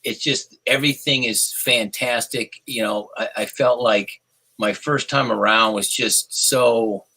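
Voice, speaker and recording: A man who was a contestant, telling an animated, excitable story on a video call from home, acting out quotes and swearing freely, with a husky voice. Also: medium pitch, measured pace. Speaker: former contestant guest.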